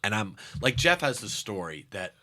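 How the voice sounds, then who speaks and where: A man's voice: lowish voice, moderate pace. A middle-aged man, a comedian, telling stories in a casual interview and acting out the people in them. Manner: animated storyteller who acts out quotes. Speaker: comedian guest.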